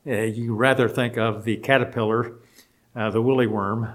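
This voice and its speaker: A man teaching a Bible study lecture, spelling out Greek words letter by letter and stressing key phrases before trailing off quietly. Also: medium pitch, steady tone, normal speed.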